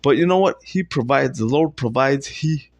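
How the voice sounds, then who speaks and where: A young man rambling through a solo comedy monologue at home, swinging from low mutters to loud shouted bursts and swearing often. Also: normal speed. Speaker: vlogger doing improv comedy. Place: at home, indoors.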